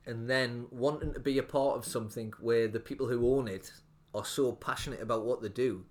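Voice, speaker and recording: A man's voice: medium pitch, fairly even intonation, fairly quick. A young man, a restaurant owner telling his story in a casual interview, rambling with lots of fillers and restarts. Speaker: restaurant owner, podcast guest.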